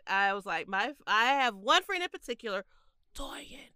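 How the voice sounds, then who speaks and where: A woman co-hosting a casual chat podcast, emphatic and quick to laugh. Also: a little high, no echo, studio quality. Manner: animated, laughs often, emphatic. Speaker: podcast co-host.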